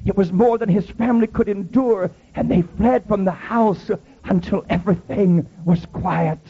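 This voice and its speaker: A man's voice: high voice, moderate pace, husky, narrow, tinny audio. A man preaching a Pentecostal sermon, telling dramatic stories with heavy repetition.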